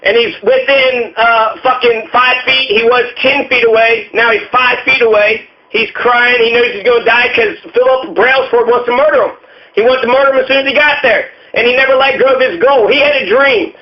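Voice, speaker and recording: A man's voice: very high-pitched, steady tone, normal speed. A man ranting angrily, swearing and repeating himself as a show host. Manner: furious, swearing, repetitive. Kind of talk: angry profane rant. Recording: muffled lo-fi audio.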